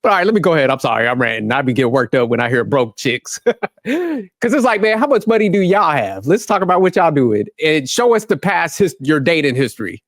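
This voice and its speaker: A man's voice: on the high side, very animated, a little fast, no room sound, clean studio sound. A man hosting a reaction commentary, ranting bluntly in profane street slang. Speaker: commentary channel host.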